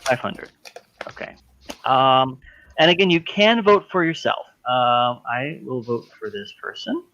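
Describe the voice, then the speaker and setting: A man's voice: mid-range voice, expressive, a little slow, pushed and bright, dull audio. A man hosting a party game on a video call, explaining the rules and laughing often. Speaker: host.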